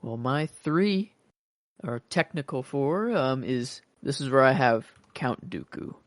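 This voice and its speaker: A man's voice: mid-range voice, animated, takes it slowly, dry recording. Male podcast co-host, loose and rambling, dry booth sound. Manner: rambling, casual swearing. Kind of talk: casual fan chat.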